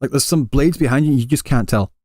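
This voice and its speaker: A man's voice: mid-range voice, fairly quick, a little mellow, no room sound. Rambling male streamer, dry close sound. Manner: rambling, many restarts, conversational. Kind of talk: casual chat answering live chat. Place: Japan, Kansai area.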